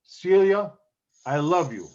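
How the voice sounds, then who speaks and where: A man's voice: on the high side, lively intonation, a little mellow, highs cut off. A man playing a desperate young husband begging his wife to stay, in an acting class scene over a video call. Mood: pleading. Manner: pleading, halting repetitions.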